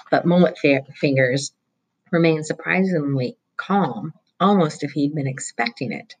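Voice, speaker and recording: A teacher reads a novel chapter aloud to students in a steady storytelling way. The voice is husky, with a medium pitch. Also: poor audio.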